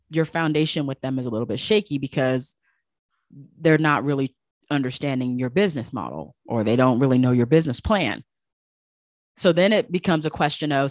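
A woman's voice: low-pitched, no echo, studio quality. A woman coaching as an esthetician and business host, talking casually and with emphasis, repeating key points. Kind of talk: casual podcast monologue.

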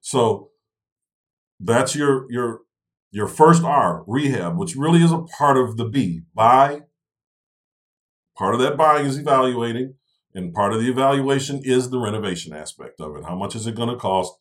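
A man's voice: medium pitch, lively intonation, normal speed, a bit bright. A man co-hosting a casual discussion, walking through real estate investing step by step and checking in with "right?" and "okay?". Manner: explanatory, tags points with "right?" and "okay?".

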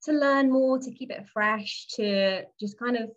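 A woman's voice: fairly high pitch, unhurried, muffled recording. A woman from England chatting casually in a podcast conversation, rambling with many restarts.

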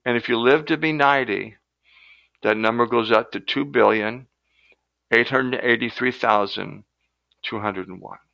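Older male guest, gravelly, bright, animated storyteller; dry close sound. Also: mid-range voice, normal speed, long pauses, no echo, rough recording. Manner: animated storyteller who acts out quotes. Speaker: guest, retired professor. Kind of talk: storytelling in a podcast interview.

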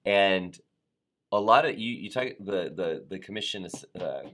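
A man's voice: deep voice, lively intonation, unhurried, a bit bright, slight background noise. A man hosting a live show, reading viewer comments in an upbeat, playful way and sometimes tripping over words. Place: Atlanta area.

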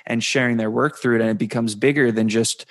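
A man hosts a podcast in a level, even tone that stays in a narrow band. He talks thoughtfully and often circles back over his words as he builds an idea. The sound is dry and close to the mic. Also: medium pitch, brisk, no echo. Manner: thoughtful, repeats words while building ideas. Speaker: podcast host. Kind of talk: conversational interview.

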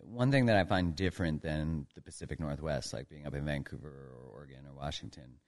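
A man's voice: rumbling low, fairly quick. A man from Canada, a guest on a podcast, talking in an easygoing, reflective way with some fillers. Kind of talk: casual podcast interview.

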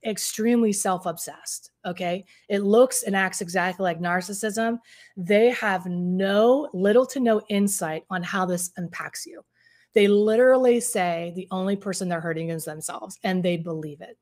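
A woman's voice: mid-range voice, darkish tone. A middle-aged woman coaching on a live stream. She chats with viewers, reads out their comments and acts out the voices of the people she quotes. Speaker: relationship coach.

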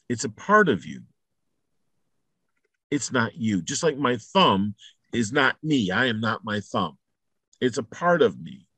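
A man's voice: mid-range voice, slightly rough, no echo. Male motivational speaker, emphatic and repetitive, salty language, dry close sound. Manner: emphatic and repetitive, builds to loud peaks. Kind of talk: motivational talk.

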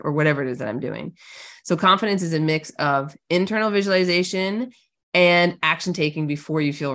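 A woman coach with a lowish voice talks through a podcast interview. She is upbeat and casual, full of "like" and "just do it". Her delivery is animated and chatty. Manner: energetic, casual, lots of "like", animated storytelling.

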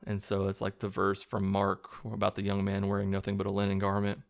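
Man, low and gravelly, rambling casual movie recap with chuckles and cussing. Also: completely flat delivery, brisk. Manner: rambling, chuckling, profane retelling with restarts. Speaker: movie reviewer.

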